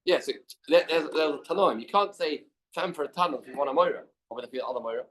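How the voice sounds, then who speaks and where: A man's voice: fairly high pitch, fast, fairly bright tone. A man teaching a Talmud class in a study hall, reading out the text and then explaining it plainly with many questions.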